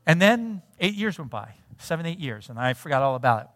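Middle-aged male pastor, storytelling sermon, lively, dry close mic. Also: fairly high pitch, fairly quick, hardly any pauses, dry recording. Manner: animated storytelling, acts out dialogue. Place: church sanctuary.

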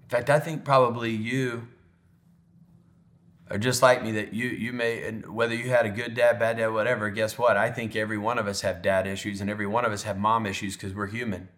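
A man preaching a sermon in a heartfelt, conversational way, often slowing into soft pauses. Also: lowish voice, flat delivery. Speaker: pastor. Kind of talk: sermon storytelling.

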